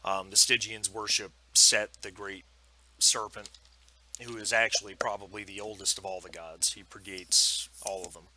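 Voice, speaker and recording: A man's voice: fairly low pitch, steady tone, normal speed, bright, forceful tone, slight background noise. A man narrating as game master for a tabletop role-playing game, rambling with many ums and restarts.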